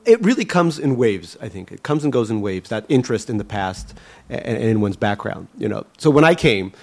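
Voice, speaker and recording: A man's voice: on the low side, big pitch swings, brisk, creaky, darkish tone. A Russian-born man, an author, answering interview questions in a wry, musing way with frequent fillers and restarts.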